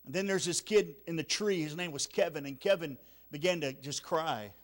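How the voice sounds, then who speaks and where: A man preaching at a church revival, telling a story with emotion, often repeating words and dropping very quiet at the sad parts. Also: a little high, normal speed. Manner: emotional, repeats words, drops to near-whisper at sad moments. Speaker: evangelist. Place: church sanctuary.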